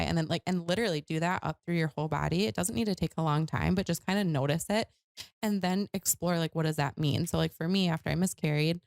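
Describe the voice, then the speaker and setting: A woman's voice: fairly low pitch, quick pace, creaky, a little mellow, no echo, studio quality. A young woman guest on a podcast, talking candidly and casually, with lots of filler words and some swearing. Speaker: guest author. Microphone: handheld microphone.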